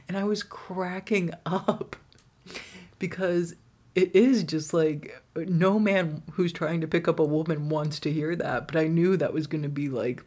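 A woman holds forth alone on her podcast in a husky, breathy voice. She is blunt and unguarded, with swearing scattered through her casual talk. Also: deep voice, fairly even intonation, unhurried, darkish tone. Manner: frank, swears freely, laughs often. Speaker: podcast host. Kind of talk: candid solo podcast monologue.

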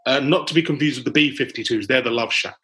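A man's voice: mid-range voice, fast talker, sharp tone, low-quality recording. A man from England hosting a casual football podcast, chatty and joking, calling his guests "chaps" and "mate". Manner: chatty, laughing, ends phrases with "mate" and "chaps". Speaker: podcast host.

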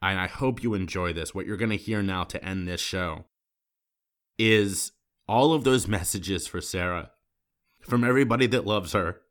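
A man hosting a podcast, emotional and choked up, talking haltingly with many restarts as he closes the season. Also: low voice, a bit bright. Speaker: podcast host. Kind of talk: emotional closing monologue.

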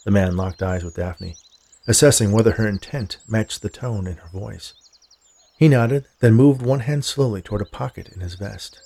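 A man narrating a horror story in a measured storytelling manner. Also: lowish voice, gravelly, mellow.

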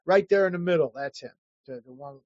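A man telling animated, profane stories in casual chat, acting out the people he quotes. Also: a little high, fairly quick, dry recording, highs cut off. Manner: animated anecdotes, profane, acts out quoted voices.

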